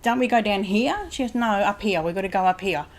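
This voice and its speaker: A woman's voice: medium pitch, quick pace. A woman, a psychic medium guest in a casual home interview, who rambles and keeps retelling conversations with "he said". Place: home lounge room.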